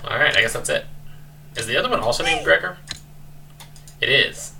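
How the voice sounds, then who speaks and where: A man's voice: mid-range voice, lively intonation, moderate pace, creaky, pushed and bright. A man hosting a let's play, chatting wryly and reading game text, on a slightly distant mic with faint noise. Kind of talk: casual game commentary and reading.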